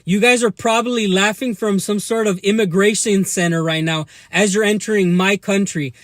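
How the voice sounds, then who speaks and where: A man's voice: high voice, steady tone, moderate pace, a bit bright, no echo, studio quality. A young man with a Mexican American accent, ranting back at commenters during a live stream, combative and mocking. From United States. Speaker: livestream vlogger. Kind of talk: live-stream rant to chat.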